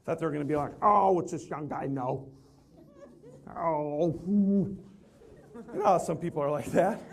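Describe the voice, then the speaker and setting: Lively man with a higher voice, spinning a comic stage anecdote. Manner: animated, self-deprecating storyteller. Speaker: motivational speaker. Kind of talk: humorous storytelling talk.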